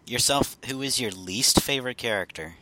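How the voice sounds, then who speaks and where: A man hosting a casual group chat, upbeat and quick to laugh. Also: mid-range voice, pushed and bright, no room sound. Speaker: podcast host.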